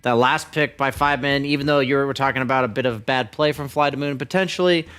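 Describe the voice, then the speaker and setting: Measured male draft analyst. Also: medium pitch, fairly bright tone, smooth. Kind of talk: analyst desk discussion.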